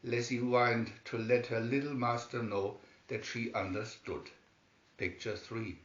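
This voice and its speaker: Slow man reading a storybook aloud. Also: medium pitch, steady tone, a bit bright. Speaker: storybook reader. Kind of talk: read-aloud storybook narration. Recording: roomy, dull lo-fi sound.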